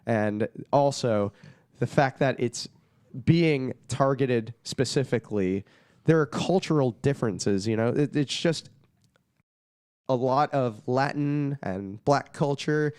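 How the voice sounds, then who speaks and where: A man's voice: medium pitch, slow pace, a little mellow, clear, resonant tone, dry recording, clean studio sound. A man, a touring musician and podcast guest, making his case in long, earnest runs of casual talk.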